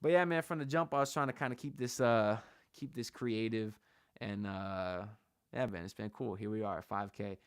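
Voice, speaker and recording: Here the sports livestream host talks to his chat at a moderate pace in a low-leaning, smooth voice, keeping things loose, slangy and hyped. A shotgun mic on his camera gives clean, echo-free studio sound.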